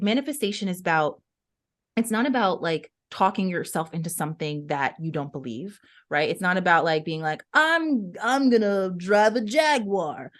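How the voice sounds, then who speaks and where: Her voice sits on the low side with a bit of brightness as this young adult woman co-hosts a podcast. She chats casually and tells expressive stories, saying "like" and "right?" constantly.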